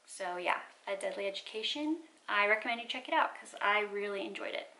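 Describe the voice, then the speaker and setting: Bright-voiced chatty woman book vlogger. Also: mid-range voice, lively intonation, a little fast, rough recording. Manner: chatty, enthusiastic, self-correcting. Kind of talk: casual chat.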